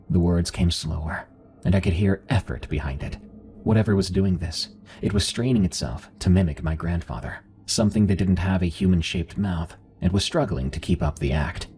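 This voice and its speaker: A man reading a first-person horror story in a slow, measured scripted narration. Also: low-pitched, warm tone. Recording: faint music underneath.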